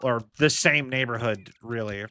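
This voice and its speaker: A man's voice: medium pitch, normal speed, bright, forceful tone. A young man streaming a game, chatting casually in rambling tangents and swearing at his mistakes from his home setup.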